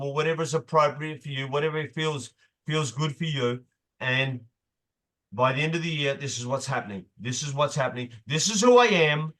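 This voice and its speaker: A man's voice: fairly high pitch, normal speed, fairly bright tone. Emphatic man coaching a group. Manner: emphatic, repeats key phrases, swears casually. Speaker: motivational coach. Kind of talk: motivational group session.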